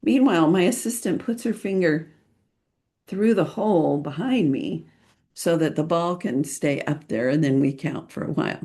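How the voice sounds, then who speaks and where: A middle-aged woman hosting a podcast, chatting casually and playfully about photographing children, laughing often and pausing with lots of ums. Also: low-pitched, mellow. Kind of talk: casual podcast talk, giving tips.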